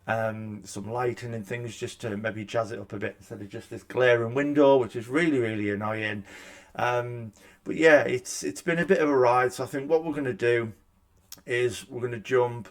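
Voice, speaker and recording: A man's voice: medium pitch, steady tone, normal speed. Chatty self-mocking man. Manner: chatty, self-deprecating, many restarts. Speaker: gaming YouTuber. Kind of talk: casual reaction vlog. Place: room at home by a window. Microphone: desk microphone.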